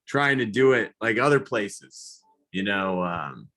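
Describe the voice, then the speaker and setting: A man doing a rambling, self-deprecating stand-up comedy set, now and then yelling high whoops. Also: lively intonation, normal speed, a little hiss or hum. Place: comedy show, live virtual audience.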